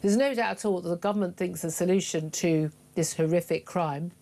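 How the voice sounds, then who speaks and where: A woman's voice: on the low side, fairly quick, warm tone. A middle-aged woman hosting a talk radio show, forthright and emphatic, with frequent fillers. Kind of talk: opinionated talk radio monologue.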